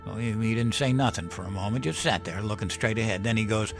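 A man voicing a gruff old male storyteller who drinks, talking in a folksy, profane, chuckling way. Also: fairly low pitch, quick pace, soft background music, voice pushed up, lightly acted. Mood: gruff storytelling.

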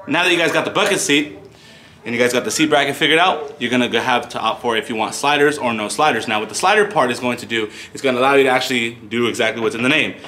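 A man's voice: mid-range voice, fast, sharp tone, a little hiss or hum. A man hosting a casual product walkthrough for a car parts shop, chatting loosely to viewers in a store. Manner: chatty, addresses viewers as "you guys".

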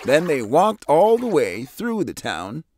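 Animated man reading a picture book. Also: takes it slowly, a little hiss or hum. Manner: animated, voices characters with big pitch jumps. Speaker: storybook narrator.

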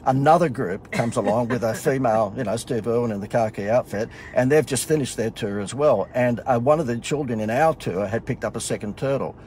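A man's voice: mid-range voice, brisk, hardly any pauses, darkish tone, a little hiss or hum. A middle-aged Australian man casually telling a funny story in a sarcastic, self-mocking way. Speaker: host.

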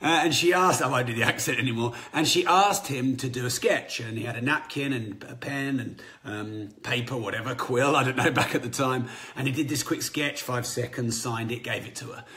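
Energetic man hosting a podcast. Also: medium pitch, fairly quick, hardly any pauses. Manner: energetic, conversational, self-correcting. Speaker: podcast host. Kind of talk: motivational business talk.

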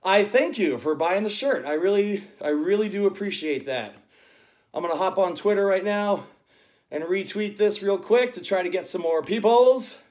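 A man's voice: sits high, animated, normal speed, a little mellow. A man leading a live-streamed home workout, chatting and counting reps aloud in a coaching manner. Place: indoors at home. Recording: echoey room.

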